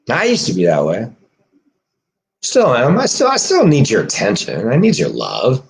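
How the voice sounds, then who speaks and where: Rambling, profane man with a lively voice. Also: medium pitch, moderate pace, creaky. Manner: swings from muttering to shouting; laughs between phrases.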